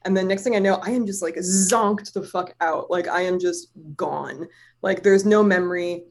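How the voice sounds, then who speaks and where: A woman telling a personal story in casual chat, animated and swearing freely, with lots of "like" fillers. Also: lowish voice, normal speed.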